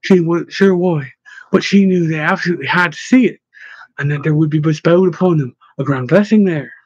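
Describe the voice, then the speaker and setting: A man narrating a storybook in a steady, even reading voice. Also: on the high side, fairly quick, husky, no echo. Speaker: audiobook narrator. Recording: dull lo-fi dry recording.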